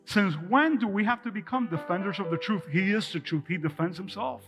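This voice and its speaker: A man's voice: sits high, brisk, music in the background. A man preaching a live sermon as pastor, talking energetically and directly to his congregation in a church.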